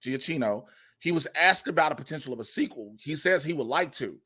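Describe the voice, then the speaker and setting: A man hosting a podcast in casual chat, animated and profane, acting out quotes in funny voices. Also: a little high, a little fast, slightly rough. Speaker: podcast host.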